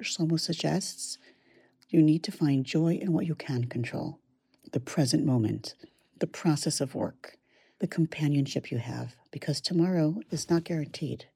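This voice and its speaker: A woman giving a measured, reflective study lesson, weaving Hebrew verses into English explanation. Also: deep voice, creaky, warm tone, slightly rough, dry recording, studio quality. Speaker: Torah study teacher.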